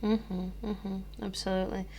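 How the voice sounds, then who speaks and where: A woman's voice: medium pitch, flat delivery, normal speed, warm tone, slightly rough. British lady teacher, chatty, explains stuff, laughs a lot, podcast chat. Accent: British English. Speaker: English teacher and podcast co-host.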